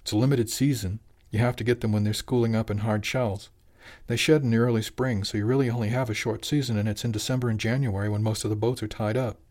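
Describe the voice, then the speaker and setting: A man's voice: lowish voice, fairly even intonation, fast talker, darkish tone, natural voice. A man voicing a clever young man who explains things eagerly, in an audiobook. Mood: explaining.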